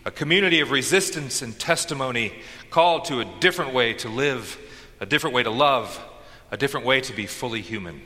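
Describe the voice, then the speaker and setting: A man preaching a sermon from a church pulpit, his voice strikingly bright and forceful. He builds with dramatic pauses and bursts of rising energy. Long reverb from the sanctuary trails behind every phrase. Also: medium pitch. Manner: dynamic preaching with dramatic pauses and shouted call-and-response lines. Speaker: pastor.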